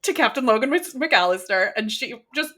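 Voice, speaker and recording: A woman co-hosting a romance book podcast, retelling a plot in a lively, laughing way and acting out the characters' lines. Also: on the high side, normal speed. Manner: animated storytelling, laughs often, acts out quoted lines. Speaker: podcast co-host. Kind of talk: casual chat.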